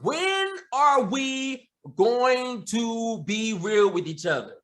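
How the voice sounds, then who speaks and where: A man delivering an angry, profane opinion rant, repeating himself and breaking into shouts. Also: very high-pitched, animated, takes it slowly. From United States. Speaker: commentator.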